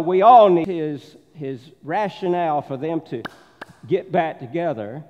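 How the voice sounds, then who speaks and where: Southern pastor preaching in a reverberant church. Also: male voice, on the high side, measured pace. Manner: storytelling, acts out the voices in his anecdotes. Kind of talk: sermon. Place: church sanctuary. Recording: dull sound with long church reverb.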